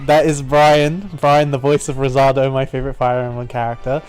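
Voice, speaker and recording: A man's voice: medium pitch, level tone, normal speed, hardly any pauses, darkish tone, smooth, soft background music. A young man with an Australian accent chatting casually and thinking aloud while streaming a game. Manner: chatty, self-deprecating, thinking aloud with fillers. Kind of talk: live-streamed game playthrough.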